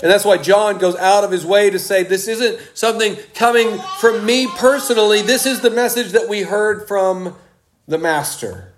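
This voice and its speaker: A man preaching a sermon, slow and emphatic, with dramatic pauses. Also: high voice, slight background noise.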